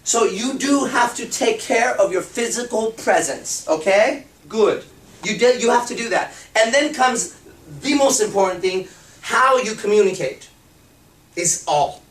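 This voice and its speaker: A man giving a blunt, profane and animated seminar talk as a dating and confidence coach. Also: high-pitched, unhurried, reverberant, recorded from a distance. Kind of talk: seminar talk to a live group.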